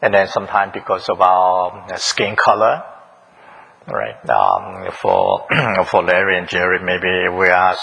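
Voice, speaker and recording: A man's voice: sits low, big pitch swings, a little slow, gravelly, sharp tone, breathy edge, low-quality recording. A man preaching a sermon in a church, questioning the congregation, repeating their answers and chuckling often. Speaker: pastor. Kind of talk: interactive sermon.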